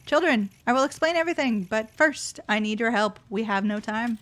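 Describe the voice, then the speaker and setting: A woman voicing a weary old male goblin who protects the heroes, with a slow, grave delivery. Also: on the high side, animated, fairly bright tone.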